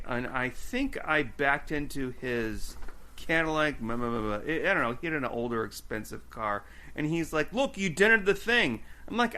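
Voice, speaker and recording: A man co-hosting a podcast, chatting casually and ranting with swearing as he recaps a TV episode. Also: mid-range voice. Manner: ranting, animated, swears, acts out quotes. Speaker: podcast co-host.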